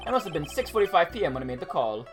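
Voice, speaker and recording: A woman's voice: on the low side, big pitch swings, rapid-fire, over music. A woman voicing a smug, self-important male witness who talks down to everyone. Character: smug pompous male witness, middle-aged.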